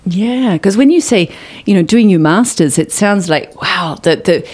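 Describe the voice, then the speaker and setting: Lower-voiced woman interviewer. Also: lively intonation, measured pace, darkish tone. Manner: encouraging, asks questions with friendly backchannels. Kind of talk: casual interview.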